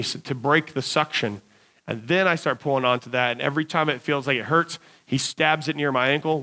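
A man preaching, telling a lively personal story as a sermon illustration and acting out his own cries. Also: on the high side.

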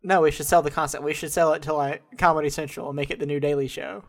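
A man's voice: a little high, fairly even intonation, quick pace. Laughing man on a podcast. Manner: laughs often, jokey, trails off into mumbles. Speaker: podcast co-host. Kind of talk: casual comedic political chat.

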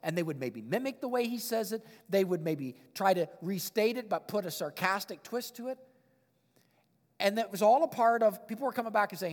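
A male pastor preaches a sermon with an expressive delivery, reading scripture and commenting on it. His voice sits high for a man. The sound carries a long reverb, like a large sanctuary. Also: a little fast. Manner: expressive preaching, reads scripture, chuckles at his own points.

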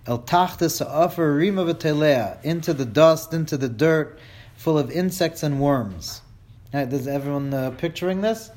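A man's voice: fairly high pitch, moderate pace, a little mellow. A man teaching a class, reading lines of a Hebrew text aloud and translating each into English with dramatic emphasis and a wry humor. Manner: reads Hebrew lines then translates them line by line, dramatic; wry, jokes with listeners. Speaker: Torah teacher.

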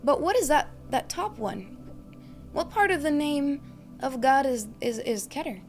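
A woman delivers a meditative sermon in a slightly high voice. She teaches by posing questions and listing ideas, and she sinks into a hushed tone on key phrases. Soft music plays faintly underneath. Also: big pitch swings, unhurried. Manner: reflective, teaching with questions and lists. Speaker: preacher.

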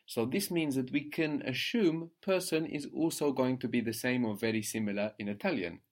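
A man's voice: mid-range voice, normal speed. Patient man teaching a language lesson. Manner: patient, encouraging, explains step by step.

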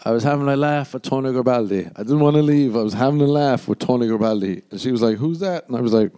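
A young Irish man hosting a podcast, telling a rambling story casually and jumping into high voices when he quotes himself. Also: lively intonation, fast, dark tone. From Ireland. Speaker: podcast host.

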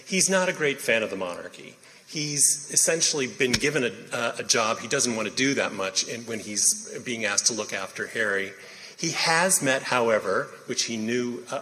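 A man introducing the cast of a play reading, halting with many pauses and fillers. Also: mid-range voice, sharp tone, slight background noise. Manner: halting, many ums and uhs. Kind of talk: casual spoken introduction. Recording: reverberant hall.

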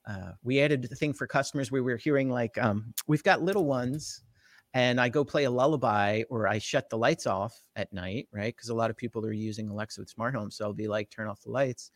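In a casual interview, a tech company guest with a New Jersey accent, hailing from the Jersey Shore, USA, explains technology in an animated, fairly quick way, often adding "right?". His pitch is medium, and the studio-quality sound has no echo.

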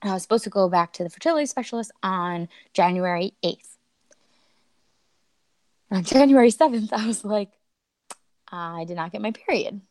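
A woman's voice: mid-range voice, moderate pace, pauses often, a little mellow, dry recording. A young woman, a podcast guest, telling a personal story in a chatty way, often quoting herself.

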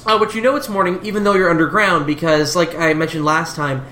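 A man's voice: fairly high pitch, steady tone, fast, sharp tone, reverberant, slight background noise. A man narrating as game master of a tabletop game, rambling with many restarts.

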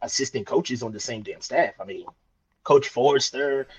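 A man's voice: mid-range voice, normal speed, husky. A man co-hosting a sports podcast, insistent and interrupting, repeating himself in a heated casual debate. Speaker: podcast co-host. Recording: dull lo-fi mic.

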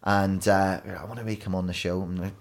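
Northern Irish man telling stories, low voice. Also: gravelly. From Northern Ireland. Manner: lively storytelling, quick asides. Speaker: broadcaster guest. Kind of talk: podcast conversation, anecdote telling.

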